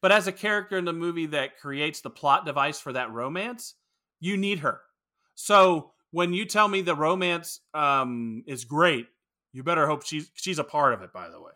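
A man's voice: fairly high pitch, moderate pace, pushed and bright. A man co-hosting a podcast in casual film-review chat, rambling, opinionated and profane. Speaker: podcast co-host.

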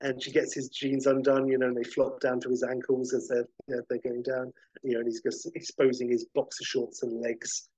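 A man casually narrating a film pitch scene by scene, rambling with frequent fillers. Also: completely flat delivery, fairly quick, a little mellow, breathy edge, no echo, poor audio.

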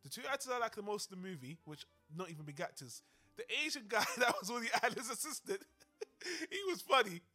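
A man's voice: sits high, lively intonation, brisk, pushed and bright, faint music behind. A man co-hosting a film podcast, talking casually and animatedly, swearing freely and acting out lines from the movie. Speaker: podcast co-host.

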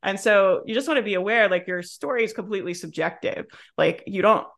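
A woman's voice: mid-range voice, a little fast, creaky, a bit bright. A woman hosting a business podcast, coaching through examples in an emphatic, casual way. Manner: emphatic, talks through examples, acts out quotes. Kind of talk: casual interview chat.

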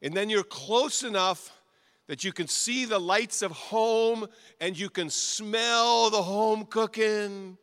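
A middle-aged male pastor preaching a sermon, repeating short phrases and swinging from quiet to loud. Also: high voice, takes it slowly.

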